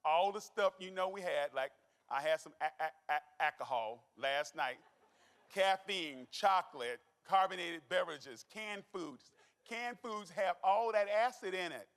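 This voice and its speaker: Speaking unhurriedly in a high voice, a middle-aged man delivers a doctor's health talk to a live crowd. He is folksy, animated and full of jokes with the audience, and the sound carries a long hall reverb.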